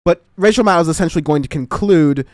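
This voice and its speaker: A man's voice: on the high side, fast talker, darkish tone, dry recording, studio quality. A man hosting a casual political commentary show, rambling and laughing as he talks. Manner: rambling, laughing, self-interrupting. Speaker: show host.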